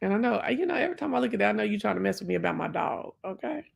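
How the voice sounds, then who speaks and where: Talking through the poem on a relaxed live stream, a woman in her forties sounds husky and creaky in a mid-range voice that swings widely in pitch. Her manner is chatty and reflective, loaded with fillers and fast asides.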